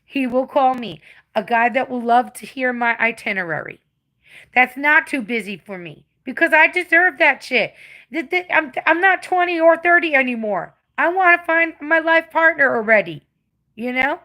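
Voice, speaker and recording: A woman in her forties with an English accent talks casually to her livestream viewers. Her voice sits a little high and has a bright, forceful edge. She vents bluntly and swears freely. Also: animated, normal speed. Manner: blunt, profane, venting. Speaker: livestreamer answering chat.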